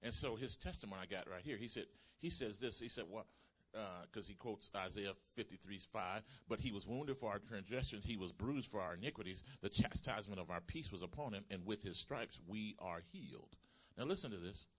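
A man preaching a sermon, retelling a healing testimony and building to loud, emphatic calls to the congregation. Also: on the low side, brisk.

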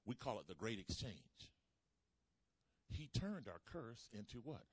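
A man preaching a sermon, calling out to the congregation and swinging between loud emphasis and soft asides. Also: on the low side, sing-song, measured pace, breathy edge, no echo. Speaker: pastor.

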